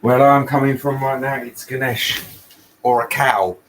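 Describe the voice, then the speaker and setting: A man's voice: mid-range voice, fairly even intonation, unhurried, fairly bright tone, slight background noise, poor audio. A man calling in to a casual chat, rambling and making crude jokes. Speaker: guest caller.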